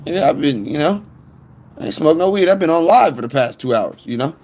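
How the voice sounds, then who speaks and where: Guy on a phone stream, kinda high voice, rambling and cussing through a story. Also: a little fast, slight background noise. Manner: profane, rambling, animated. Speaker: livestreamer telling a story. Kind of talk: casual storytelling to viewers.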